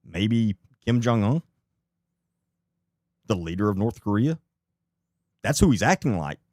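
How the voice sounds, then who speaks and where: A man's voice: on the low side, big pitch swings, unhurried, a little mellow, dry recording, clean studio sound. A man commenting live on a video clip, blunt and incredulous, who swears and repeats rhetorical questions.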